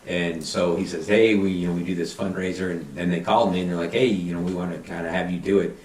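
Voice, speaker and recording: A middle-aged man, a fire battalion chief, telling animated anecdotes and acting out quotes in a casual interview. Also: low voice, fast. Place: podcast studio. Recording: roomy, somewhat distant mic.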